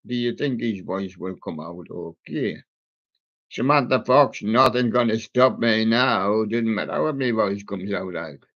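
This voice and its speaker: A man hosts a live music stream in an unhurried, drawn-out way, making jokes and puns about the songs. His voice comes through dull and lo-fi. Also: fairly low pitch, a bit bright. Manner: jokey, punning on song titles. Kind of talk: playful music chat. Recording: dull lo-fi sound.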